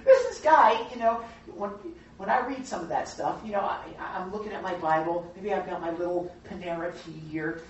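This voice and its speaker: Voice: medium pitch, normal speed, a little hiss or hum. Chatty Bible study teacher in an echoey room. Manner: chatty and animated, asking the group questions. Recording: very echoey room, distant mic, dull sound.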